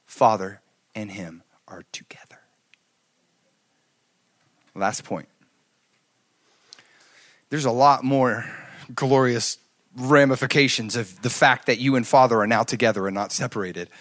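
A middle-aged man preaching a sermon, telling stories and swinging from loud to hushed. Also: medium pitch, unhurried, pauses often. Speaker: pastor.

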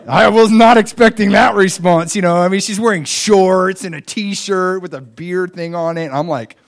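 A man's voice: sits high, fairly quick. A middle-aged man preaching a sermon, telling a personal story and acting out his own thoughts with energy.

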